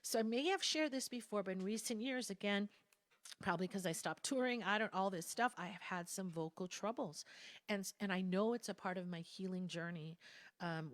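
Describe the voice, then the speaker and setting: Middle-aged woman speaker, earnest personal testimony, soft whispered asides, dry close sound. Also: mid-range voice, dry recording. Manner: earnest storytelling, drops to soft whispers for quotes. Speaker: guest speaker at a spiritual service. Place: church sanctuary.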